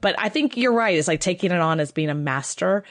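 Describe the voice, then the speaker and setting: A woman's voice: fairly low pitch, expressive, brisk. A woman hosting a podcast interview in an effusive, upbeat, chatty way. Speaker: podcast host. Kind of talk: casual interview chat.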